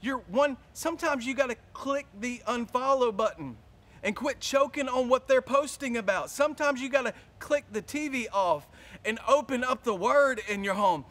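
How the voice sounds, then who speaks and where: A male pastor preaching a sermon, telling a story in a lively, casual way and acting out his own panic. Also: extremely high pitch, normal speed.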